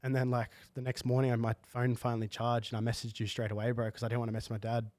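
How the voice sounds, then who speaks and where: A man's voice: mid-range voice, monotone, fast talker, a little mellow, no echo. Young man, dry close sound. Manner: casual slangy storytelling with many fillers. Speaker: guest. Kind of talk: candid podcast conversation.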